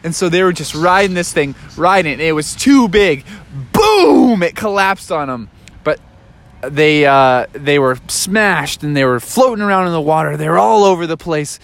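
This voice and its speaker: Man improvising a story for a child; high, very animated, with sound effects. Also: normal speed, vocal fry.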